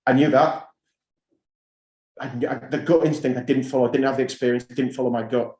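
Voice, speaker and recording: In a school hall or conference room, a middle-aged headteacher addresses his peers, telling anecdotes in a conversational style and repeating important phrases. He speaks fairly quickly in a medium-pitched, dark voice with fairly even intonation. The hall sound is roomy.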